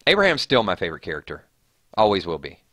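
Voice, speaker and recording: A man's voice: low-pitched, huge pitch swings, quick pace, a bit bright, dry recording. A man hosting a live stream, chatting casually and reading viewer comments aloud with frequent restarts.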